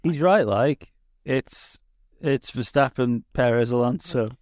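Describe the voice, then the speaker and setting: A man co-hosting a casual podcast chat. He stumbles and repeats words as he tells stories, at a middling pitch, and the sound is dry and close. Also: takes it slowly, darkish tone, no echo. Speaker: podcast co-host.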